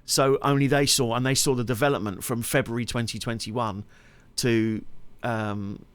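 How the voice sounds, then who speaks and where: A man's voice: medium pitch, steady tone, moderate pace, clear, resonant tone, dry recording. A man chatting on his live stream, rambling and laughing often. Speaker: streamer and musician. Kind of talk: casual live-stream chat.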